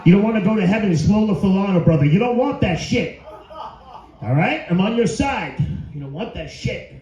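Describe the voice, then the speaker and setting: The comedian's voice here is high, animated and warm, moving a little fast as he delivers brash, crude material and engages the live audience. It's a middle-aged man at a comedy venue, recorded with a roomy, dull club sound.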